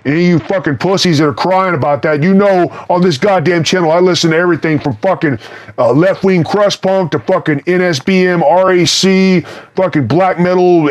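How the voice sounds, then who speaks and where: A man's voice: high voice, a little fast. A man with a mild Texas accent, speaking through a voice changer, answers viewer questions in blunt, profane, rambling casual chat.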